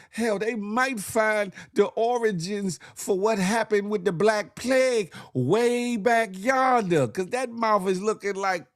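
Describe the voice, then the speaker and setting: A man hosting a morning show with comedic news commentary, animated, slangy and repeating himself as he jokes. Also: high-pitched.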